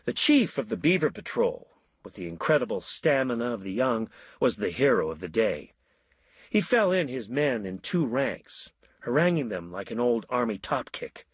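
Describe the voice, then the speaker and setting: An expressive male storyteller with a husky voice, reading an audiobook. His pitch moves around in a lively way, and the recording is dry and close. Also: moderate pace, no echo. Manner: expressive, voicing many characters. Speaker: narrator. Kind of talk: audiobook narration.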